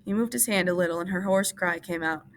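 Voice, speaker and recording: A woman teacher reading a novel aloud to a class in a steady, measured narrating voice. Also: fairly low pitch. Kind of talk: audiobook-style reading for class.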